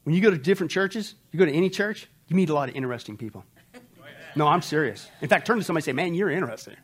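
Animated joking preacher, man. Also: fairly high pitch, very fast, breathy edge. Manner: animated, joking with the congregation, laughs often, shouts for effect. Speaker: pastor. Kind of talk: humorous sermon.

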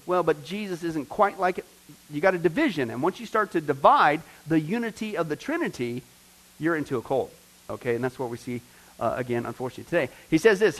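A man's voice: a little high, lively intonation, fast talker, poor audio. A man, a pastor, teaching a Bible study class, punching key words and quizzing the class with questions he answers himself. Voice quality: emphatic, stresses key words loudly.

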